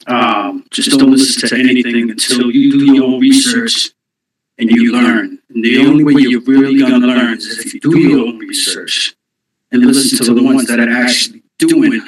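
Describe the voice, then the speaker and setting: A man talking casually into his phone on a live audio space, out of breath, halting, with many ums and restarts. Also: mid-range voice, fairly bright tone, reverberant, rough recording. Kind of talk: casual call-in talk.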